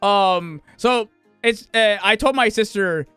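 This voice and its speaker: High-voiced, swearing streamer telling stories. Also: male voice, slow pace, pushed and bright, clean tone, no room sound, faint music behind. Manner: profane, rambling storyteller with frequent restarts. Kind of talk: casual chat.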